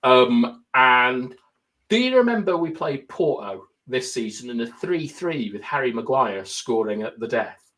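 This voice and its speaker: A man's voice: mid-range voice, expressive, unhurried, a bit bright. Chatty man explaining football tactics. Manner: explains tactics at length, thinks aloud with fillers. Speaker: podcast co-host. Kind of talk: casual football chat.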